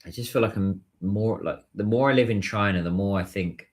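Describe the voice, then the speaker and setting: A man's voice: fairly low pitch, brisk, hardly any pauses. A British man hosting a casual livestream, chatting and answering viewer messages. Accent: British English. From United Kingdom. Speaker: livestream host.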